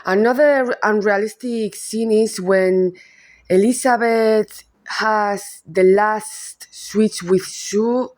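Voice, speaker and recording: A woman's voice: mid-range voice, fairly even intonation, takes it slowly, darkish tone. A woman with a Spanish accent, a film reviewer giving a casual analysis monologue who halts, rephrases and repeats words as she goes.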